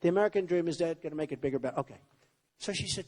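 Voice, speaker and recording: A man's voice: fairly high pitch, very fast, a little mellow. Rambling boastful man in echoey hall. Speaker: presidential candidate. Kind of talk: campaign rally speech. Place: large rally venue with crowd.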